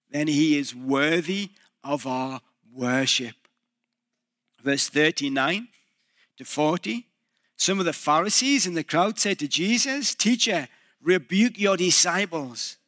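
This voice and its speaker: A man's voice: fairly high pitch, measured pace, sharp tone, no echo, studio quality. A male pastor preaching a sermon, building emphasis and putting questions to the congregation.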